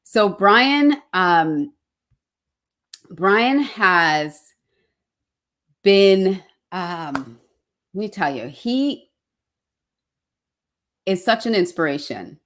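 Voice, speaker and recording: A woman's voice: medium pitch, very animated, drawn-out words, long pauses, a bit bright. A woman hosting an online interview show, effusive and fumbling over her words, with many fillers. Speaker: show host.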